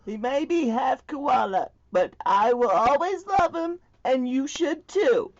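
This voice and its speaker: A man voicing an earnest but crude young zookeeper woman at an ordinary pitch. The recording is dull. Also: expressive, slow, exaggerated voice.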